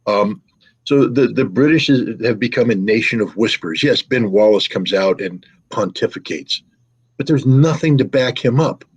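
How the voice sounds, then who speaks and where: A man's voice: mid-range voice, normal speed, husky, no echo, poor audio. A middle-aged man giving scornful, sarcastic political commentary in hammering repeated phrases. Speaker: guest commentator.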